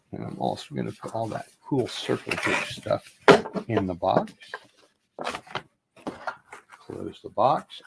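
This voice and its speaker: Brief: male vlogger, low voice, slow easygoing unboxing chat, rambling asides. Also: vocal fry, background noise. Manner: relaxed, rambling, offhand asides.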